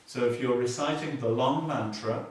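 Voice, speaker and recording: A man giving a Buddhist teaching, explaining slowly and repeating key words, with dry humor. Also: mid-range voice. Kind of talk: dharma teaching. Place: meditation hall. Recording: echoey hall from far off.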